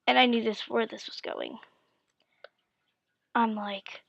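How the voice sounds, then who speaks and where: A tired woman telling a story in a vlog. She talks fast, drops into whispered asides and stammers through quotes. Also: a little high, huge pitch swings, gravelly, a bit bright, dry recording. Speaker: vlogger. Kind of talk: casual storytelling. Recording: dull, dry lo-fi recording.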